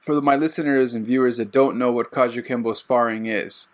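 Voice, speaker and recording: A man's voice: mid-range voice, fairly even intonation, fairly quick. A man hosting a martial arts podcast, asking rambling questions in a casual interview. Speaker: podcast host.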